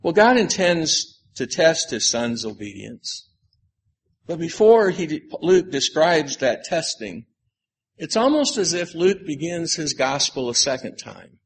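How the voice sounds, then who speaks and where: A man preaching an earnest, measured sermon on a gospel passage, slowing down to stress key words. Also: on the high side, big pitch swings, breathy edge. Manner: measured, earnest, slows for emphasis. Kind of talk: sermon on scripture.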